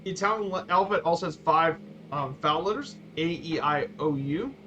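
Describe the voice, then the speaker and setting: High-voiced man streaming, halting speech. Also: lively intonation, pushed and bright. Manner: halting, with fillers and restarts, repeating words slowly. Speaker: flight sim streamer. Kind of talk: casual slideshow talk during a live stream. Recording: dull lo-fi stream audio with faint noise.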